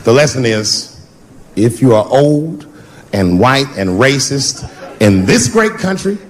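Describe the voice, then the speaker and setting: Speaking slowly but with great animation, this middle-aged comedian has a medium-pitched voice as he works a large theater stage in front of a live crowd. His set is loud-mouthed and profane, with stretched-out punchlines and playful changes of voice. You can hear the audience laughing, along with general room noise.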